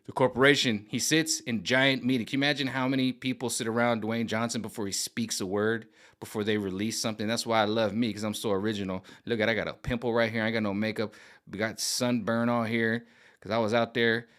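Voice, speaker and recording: A man ranting to camera in an animated, mocking, rambling monologue. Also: on the low side, a little fast. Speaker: vlogger. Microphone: camera on gimbal.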